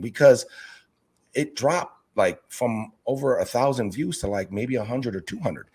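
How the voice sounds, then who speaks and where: A man's voice: mid-range voice, normal speed, breathy edge. A man who coaches youth basketball, chatting in an interview and acting out the people he quotes. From Northern California. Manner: animated storyteller, acts out quoted voices. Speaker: youth basketball coach and aquarium channel creator. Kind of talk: casual interview talk.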